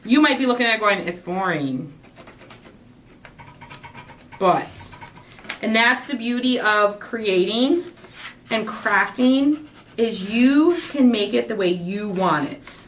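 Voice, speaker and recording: A woman's voice: mid-range voice, lively intonation, takes it slowly, long pauses, fairly bright tone. A woman hosting a crafting livestream, chatting in a gushing, rambling way while she works. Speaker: craft show host. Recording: distant mic with faint noise.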